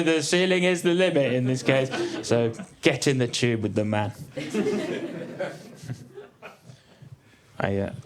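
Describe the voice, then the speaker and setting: A young man doing a stand-up comedy set on a theatre stage, deadpan and dry, with the odd high exclaimed punchline. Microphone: stage mic. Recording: live theatre with crowd laughter. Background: audience laughing.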